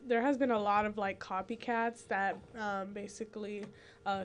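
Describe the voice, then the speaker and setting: A woman's voice: medium pitch, a little hiss or hum. A young woman co-hosting a youth talk show, earnest and rambling with many fillers. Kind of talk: casual talk-show chat.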